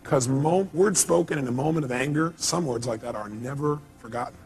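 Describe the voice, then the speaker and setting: A man's voice: medium pitch, brisk, a little mellow, faint music behind. A man speaking live at a seminar, emphatic and repeating his key phrases, firing questions at the audience. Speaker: motivational speaker. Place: seminar hall.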